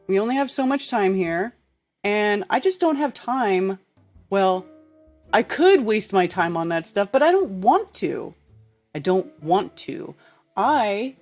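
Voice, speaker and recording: Woman host, casual rant to camera, blunt and profane, soft music in the background. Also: fairly low pitch. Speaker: podcast host. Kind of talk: casual live-stream rant.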